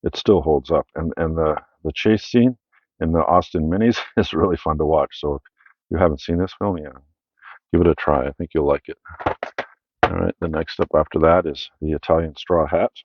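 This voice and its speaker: A man's voice: very deep voice, moderate pace, breathy edge, no echo, dull audio. A Canadian man hosting his own channel, casually rambling through his film collection with many fillers and self-corrections.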